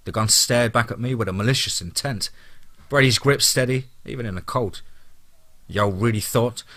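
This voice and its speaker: A man's voice: mid-range voice, fairly quick, pushed and bright. A man narrating a scripted horror story in a dramatic, grim way.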